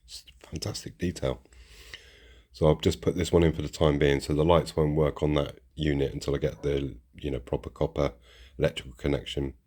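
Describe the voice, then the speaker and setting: Deep husky guy rambling on about his model trains, casual chat. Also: level tone, brisk, warm tone. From United Kingdom. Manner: chatty and rambling, restarts sentences. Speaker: model railway channel host. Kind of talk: casual chat while unboxing.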